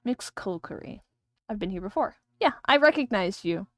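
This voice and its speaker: A woman's voice: mid-range voice, expressive, normal speed, no room sound. Chatty woman streamer, dry sound. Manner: chatty, rambling, thinking aloud. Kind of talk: casual livestream chat while drawing.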